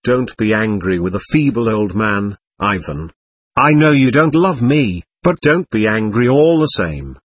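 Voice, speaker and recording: A man's voice: lowish voice, very animated, measured pace, husky, no echo, full character voice. A man reading as a drunken, boastful old man. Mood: leering. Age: older. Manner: rambling, wheedling and needling.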